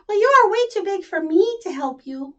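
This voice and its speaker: A woman's voice: very high-pitched, expressive, moderate pace, highs cut off, pitched above the performer's own voice. A woman doing a chirpy little kitten. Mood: curious. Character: friendly little kitten, helpful and bright.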